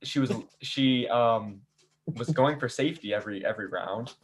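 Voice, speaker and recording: A man hosting a casual after-show chat, telling a season's story in an animated way and acting out players' lines. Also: medium pitch, normal speed. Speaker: game host recapping a season.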